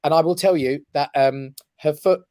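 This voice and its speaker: A man's voice: fairly high pitch, moderate pace, no echo, clean studio sound. Man telling his story. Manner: animated storyteller who keeps checking in with "right?". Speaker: guest. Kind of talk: personal storytelling on a radio talk show. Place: his office.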